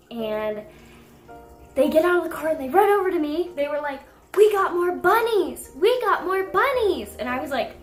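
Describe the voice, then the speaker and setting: A fairly high-voiced young woman tells a story to her camera in a casual, animated way, rising into indignant outbursts. The room is echoey, with faint music underneath. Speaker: pet vlogger.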